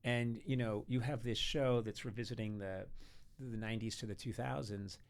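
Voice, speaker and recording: A man in his sixties, guesting on a podcast, chats casually in a lowish, steady voice at a moderate pace. He tells anecdotes, sometimes acting out the lines of family members and other people.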